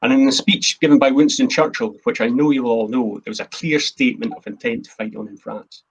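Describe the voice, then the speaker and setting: A man's voice: mid-range voice, brisk, vocal fry, slightly rough, highs cut off. A man, the host and a historian, giving an earnest, emphatic history talk from his notes. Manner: earnest, emphatic, quotes speeches in a plain voice.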